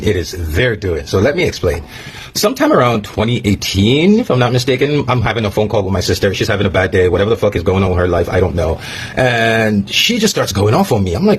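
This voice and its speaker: A man's voice: lowish voice, big pitch swings, brisk. A man telling a personal story to camera in a blunt, profane way, repeating lines for emphasis. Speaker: vlogger.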